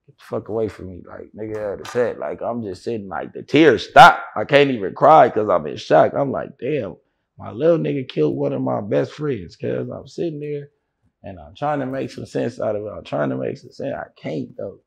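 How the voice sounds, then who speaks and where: A man being interviewed, telling a story in an animated way with heavy slang, acting out what others said. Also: medium pitch, normal speed, creaky, breathy edge. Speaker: interview guest.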